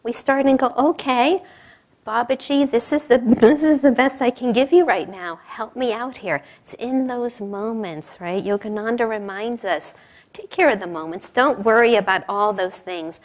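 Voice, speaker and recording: Middle-aged woman, a bit higher-pitched, informal sermon speaker; chatty storyteller, quick to laugh. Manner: chatty, laughing often, full of asides. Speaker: speaker at a spiritual service.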